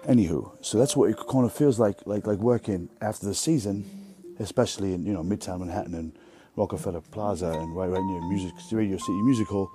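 Low-voiced man rambling casually. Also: brisk, hardly any pauses, over music. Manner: meandering, swears, corrects himself mid-sentence. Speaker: podcast host; restaurant worker.

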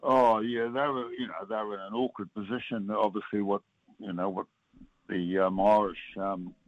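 An older man with a New Zealand accent, a former rugby player talking as a guest on a radio phone-in, halting and full of fillers and restarts. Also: fairly low pitch, steady tone, no echo. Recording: tinny phone line.

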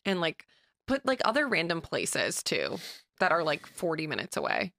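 A woman from outside Boston, co-hosting a podcast in casual, animated chat. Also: deep voice, moderate pace, vocal fry. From New England, outside Boston. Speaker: podcast co-host.

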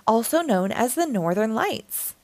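A woman's voice: a little high, big pitch swings, unhurried, no echo. A kindly, cheerful old Santa who speaks with a smile and patiently shows children the world, as a woman reader puts him on. His lines rise and fall with plenty of life. The recording is dry and close. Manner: warm, smiling, gently explaining.

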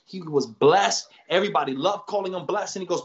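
A man, a pastor, preaching in a podcast conversation with energetic, slangy storytelling and emphatic repeated lines. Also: high-pitched, a little fast, lo-fi sound, a little hiss or hum. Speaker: pastor guest.

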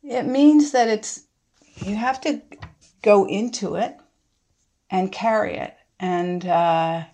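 Speaking as an interview guest, a middle-aged woman with a dark, mid-range voice considers her answers carefully. She halts and restarts as she thinks things through.

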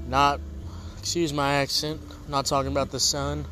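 A man's voice: a little high, level tone, normal speed, fairly bright tone. A man hosting a casual comedic music review show, rambling and joking in a laid-back way.

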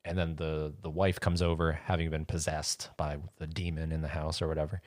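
A man's voice: extremely low pitch, flat delivery, fairly quick, a little mellow, no room sound, studio quality. A man in casual chat, rambling as he retells a scene and acts out voices. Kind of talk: casual chat about horror movies.

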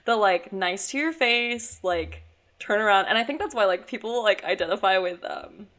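A woman's voice: mid-range voice, expressive, moderate pace, fairly bright tone. A young woman co-hosting a chatty podcast, bubbly and gushing, filling her talk with "like" and acting out little quotes. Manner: bubbly, gushing, heavy use of "like", acts out quotes. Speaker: podcast co-host. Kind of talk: casual chat.

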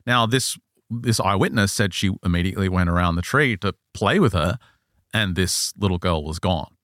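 A man hosts a podcast in a casual chat, retelling a strange account with lively storytelling and voicing the people he quotes. His voice sits low. The recording is dry and close, with no room sound. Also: moderate pace, dry recording. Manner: animated storyteller, acts out quoted lines. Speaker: podcast host.

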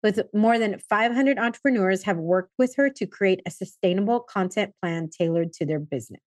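A woman's voice: mid-range voice, moderate pace, no room sound, clean studio sound. A woman hosting a podcast, asking questions in a bubbly, curious way and laughing often. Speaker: podcast host. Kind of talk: casual interview chat.

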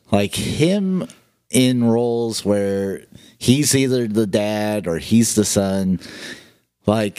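A man's voice: lowish voice, a little mellow. A man co-hosting a podcast in casual chat, easygoing and laid-back. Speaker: podcast co-host.

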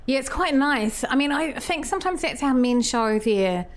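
A woman's voice: high-pitched, expressive, normal speed. A woman in a casual chat, giving tips with a wry, dry humour.

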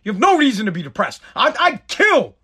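A man's voice: very high voice, brisk, husky. A man delivering a heated, profane comedic rant as a show host. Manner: profane, heated, animated ranting.

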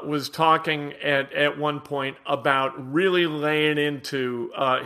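A man hosting sports radio, giving an opinionated monologue that swings from low asides to loud outbursts.

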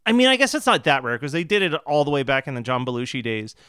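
A man co-hosting a casual chat, talking through his picks in a measured, thoughtful way. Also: medium pitch, very animated, sharp tone, clear, resonant tone, dry recording, studio quality. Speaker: podcast co-host.

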